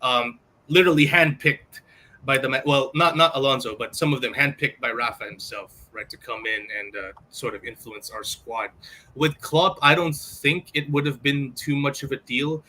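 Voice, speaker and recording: A man co-hosting a live show in casual chat, giving measured, explanatory answers with examples. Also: mid-range voice, bright, forceful tone. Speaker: co-host.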